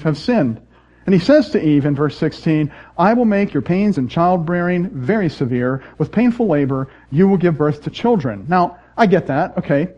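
A man's voice: on the high side, warm tone, highs cut off. A man preaching a sermon, speaking earnestly and putting rhetorical questions to his congregation. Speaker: pastor.

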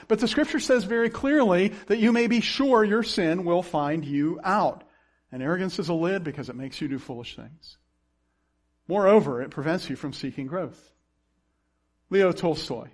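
A man preaching from the pulpit with a lively, swooping delivery. His voice sits high for a man. He acts out the people in his stories and breaks into a chuckle now and then, then drops low and quiet to press a point home. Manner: animated preaching with acted-out quotes and chuckles. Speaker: pastor. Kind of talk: sermon.

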